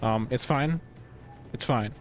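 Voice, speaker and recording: Here a streamer works through a role-playing video game, cursing frequently and grumbling to himself while he figures out what to do next. His mid-range voice moves at a slow pace, with a little hiss or hum in the background.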